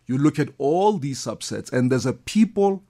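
A man's voice: medium pitch, animated, moderate pace, dark tone. A man, a guest expert explaining things enthusiastically in a conversational interview. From South Africa.

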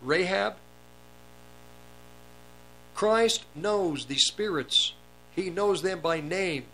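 A man's voice: sits high, expressive, drawn-out words, sharp tone, poor audio. Man preaching over a faint hum. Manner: reads verses then comments, raises voice on commands. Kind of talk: sermon, reading and expounding scripture.

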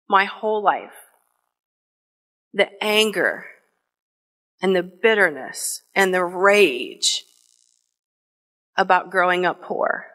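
A middle-aged woman from Northwest Ohio telling a personal story on stage, slow and deliberate with emotional pauses. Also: mid-range voice, fairly bright tone. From Northwest Ohio, USA. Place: theater stage before an audience.

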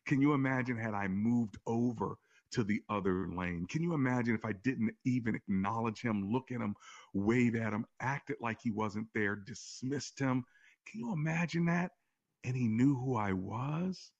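A man who is a pastor, hosting a call-in faith talk show and telling stories in an animated way, his voice often jumping higher. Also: normal speed, slightly rough, dull audio. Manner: animated storytelling with sudden rises in pitch. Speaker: pastor and radio show host.

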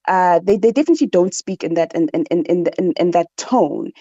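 A woman's voice: lowish voice, lively intonation, brisk, mellow, no room sound, highs cut off. A woman with a South African accent, a social and political commentator in a radio discussion, who often repeats words while she searches for her point.

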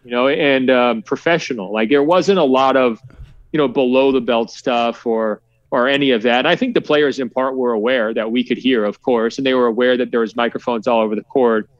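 A male sportswriter guest telling relaxed stories with lots of fillers in a conversational interview. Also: mid-range voice, brisk, dry recording, highs cut off. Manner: relaxed storytelling with many fillers.

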